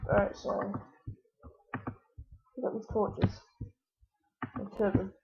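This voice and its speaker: A woman's voice: mid-range voice, slow pace, highs cut off. A woman hosting a let's-play gaming commentary, talking to the game and yelping whenever she is in danger. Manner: excitable, talks to the game, yelps when in danger. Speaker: gaming channel host.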